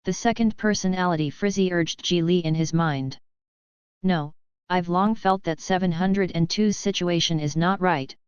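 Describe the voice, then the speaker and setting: A woman reading a novel aloud as an audiobook narrator, in an even, measured way. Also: fairly low pitch, smooth, no echo, lo-fi sound. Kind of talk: scripted narration.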